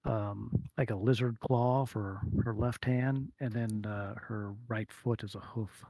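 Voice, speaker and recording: Gravelly-voiced man running a tabletop game. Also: fairly low pitch, steady tone, unhurried, dark tone, dry recording. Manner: rambling, with hums and fillers. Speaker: game master. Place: home streaming setup.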